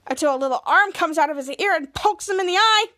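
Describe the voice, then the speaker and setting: A woman's voice: extremely high pitch, lively intonation, quick pace, pushed and bright. A woman hosting a podcast, retelling a show episode in a casual, rambling way, often correcting herself mid-line. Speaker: podcast host.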